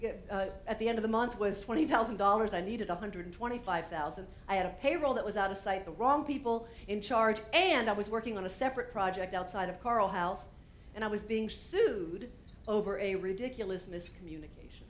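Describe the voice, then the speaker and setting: A woman business owner giving a conference talk, telling a candid personal story in an animated way and acting out what she said. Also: medium pitch, fairly quick, a little hiss or hum. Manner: animated and candid, acts out her own quotes, frequent restarts. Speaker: keynote speaker and business owner.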